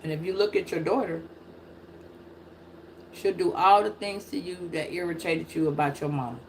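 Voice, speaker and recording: A middle-aged woman giving a casual live-stream tarot reading, preachy and profane, with loud emphatic bursts. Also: fairly low pitch, steady tone, moderate pace, a little hiss or hum. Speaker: tarot reader.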